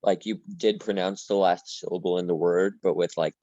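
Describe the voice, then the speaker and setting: A man's voice: deep voice, steady tone, normal speed, mellow, no room sound. A male student asking tentative, curious questions in an online French class. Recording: dull dry call audio.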